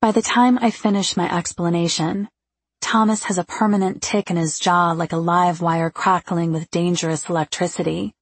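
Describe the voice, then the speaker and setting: A woman with a husky, gravelly voice narrating a first-person novel in an intimate, confiding way. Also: lowish voice, steady tone, normal speed, no room sound. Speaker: audiobook narrator.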